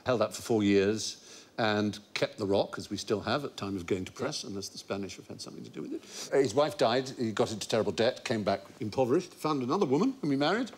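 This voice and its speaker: A man's voice: mid-range voice, quick pace, breathy edge. A man hosting a comic quiz show, telling stories with wry, learned asides. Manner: lively, erudite storytelling with asides.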